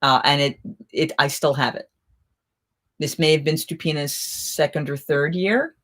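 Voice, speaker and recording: Middle-aged lady rambling thru faire stories on a live chat, lowish voice. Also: a little slow, fairly bright tone. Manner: chatty, rambling, lots of restarts and fillers. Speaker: live chat host, festival performer. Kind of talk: casual live chat storytelling.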